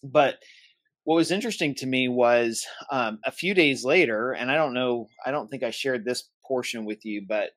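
A man's voice: medium pitch, normal speed, dry recording. Man telling a story in a dry room. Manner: animated storyteller who acts out quoted dialogue. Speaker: co-host of a church safety podcast. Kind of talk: casual chat.

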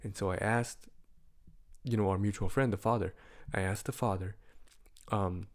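A man telling a comic story in a casual, profane and animated way. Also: normal speed, pauses often. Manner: profane and animated, with big swings in loudness and pitch.

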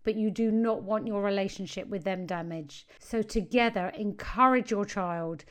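A woman's voice: mid-range voice, moderate pace, clear, resonant tone. Earnest woman giving parenting advice. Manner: earnest, emphatic, repeats key phrases. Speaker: parenting coach.

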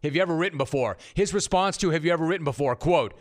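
A man with a somewhat high voice hosts a sports radio show. He is sarcastic and emphatic, and he repeats his punchlines for effect. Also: lively intonation, racing, few pauses. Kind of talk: sports talk monologue.

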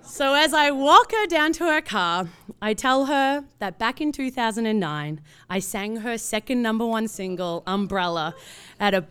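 Lively Australian woman telling a story. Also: medium pitch, clean tone. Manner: animated, acts out the voices in her story. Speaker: producer. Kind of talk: personal storytelling.

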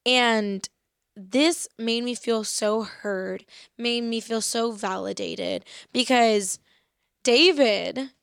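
Earnest woman, faith talk, slightly high voice, dry close sound. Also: vocal fry, clear, resonant tone, no echo. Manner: earnest, reflective, reads verses slowly. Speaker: faith podcast host. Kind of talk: personal faith talk with scripture reading.

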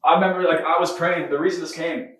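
A man's voice: fairly high pitch, steady tone, fast, fairly bright tone. A man hosting a podcast, preaching a casual spoken sermon with fervor, tossing in "man", "right?" and "come on". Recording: very echoey room, mic far off.

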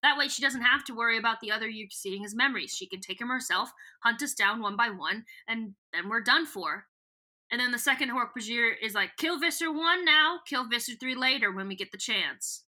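A woman's voice: a little high, expressive, brisk, bright, forceful tone. A young adult woman co-hosting a casual podcast, chatting through a book's plot, giggling often and reading the characters' lines aloud in a loose storytelling way. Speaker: podcast co-host. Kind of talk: casual chat retelling a book.

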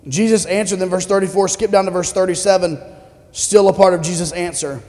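A pastor delivers a sermon in a fairly high, mellow male voice, keeping it conversational and asking his congregation questions along the way. His words ring out with a long reverb, as in a church sanctuary. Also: a little fast. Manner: conversational preaching with audience questions.

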